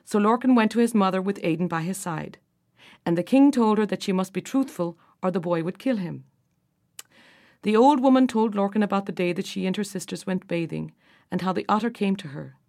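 Lady reading a folk tale aloud, storybook narration, mid pitch, lively with the character bits. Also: fairly quick. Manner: expressive, voices the characters with raised pitch. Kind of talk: scripted folktale narration.

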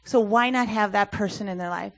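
A woman's voice: mid-range voice, fairly quick, fairly bright tone, faint music behind. A woman speaking earnestly and conversationally at a church service, with frequent fillers as she talks. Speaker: youth ministry speaker. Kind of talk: sermon talk.

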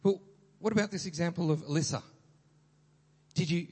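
A man delivers an energetic sermon in a high, slightly husky voice, stumbling and restarting as he goes. The sound rings with long reverb from a large hall. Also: fairly quick, long pauses. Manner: energetic, animated, with many restarts. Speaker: pastor.

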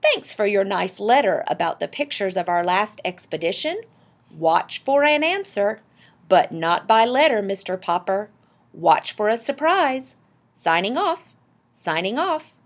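A polar expedition admiral speaks formally over the radio in a storybook, as a woman reader puts him on. The voice is husky and lively in pitch. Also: measured pace. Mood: hearty. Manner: formal, announcing.

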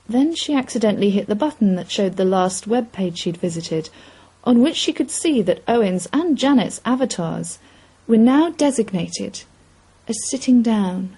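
A woman reading a short story aloud in an expressive, measured storytelling voice. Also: mid-range voice, breathy edge, rough recording. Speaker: reader. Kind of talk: scripted story narration.

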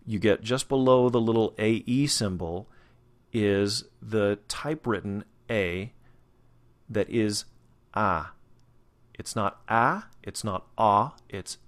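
A man teaching a spoken lesson as a dialect coach, explaining carefully and slowly modeling vowel sounds again and again. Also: lowish voice.

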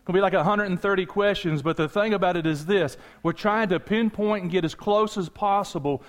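A man preaching a sermon as pastor, animated and conversational, talking straight to his congregation with asides and jokes. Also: high voice, brisk.

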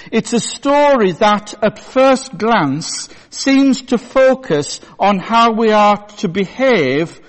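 A male pastor giving a sermon in a church, telling a story in a measured way. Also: high voice. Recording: long church reverb.

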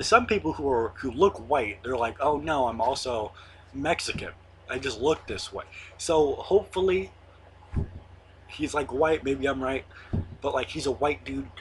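A young man in his late teens hosts his own online show, talking casually to the camera in a rambling monologue packed with fillers and the occasional swear word. His voice sits in the mid range with a fairly bright tone, and there's slight background noise.

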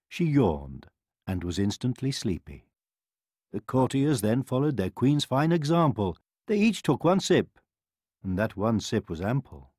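A man reading a rhyming bedtime story aloud in a sing-song, expressive way. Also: mid-range voice, measured pace, husky, no echo, studio quality. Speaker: narrator.

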